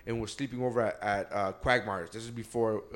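A young man chatting casually with friends, swearing often and getting excited as he retells cartoon scenes. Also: lowish voice, a little fast. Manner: excitable, swearing, laughing storyteller. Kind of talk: casual podcast chat.

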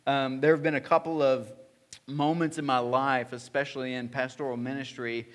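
With a medium pitch, flat delivery and moderate pace, a thirty-something pastor tells personal stories during a sermon in a church hall. He's earnest, though he restarts frequently and uses many fillers.

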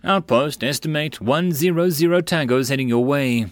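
A man voicing a young, naive soldier who speaks in brisk radio procedure. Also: on the high side, no room sound, pitched above the performer's own voice, natural voice.

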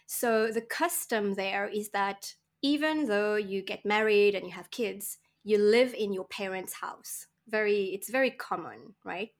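A woman from Mauritius telling lively stories as a guest in a casual interview, acting out the people she met. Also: mid-range voice, measured pace, hardly any pauses. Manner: animated storyteller, acts out voices and laughs often. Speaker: podcast guest.

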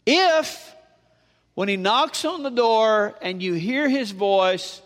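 Male pastor, high voice, animated sermon, church reverb. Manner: animated preaching, rising and dropping emphatically. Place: church sanctuary with long reverb.

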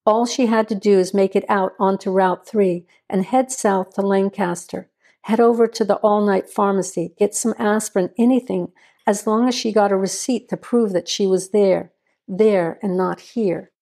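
A woman narrating a suspenseful audio drama in a measured, scripted delivery. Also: medium pitch, fairly even intonation, dark tone.

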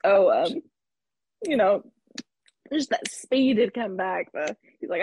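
A woman's voice: medium pitch, expressive, slow pace, darkish tone, a little hiss or hum. A woman in her thirties telling a personal story in conversation, candid and reflective, with laughs between thoughts. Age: 30s. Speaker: guest.

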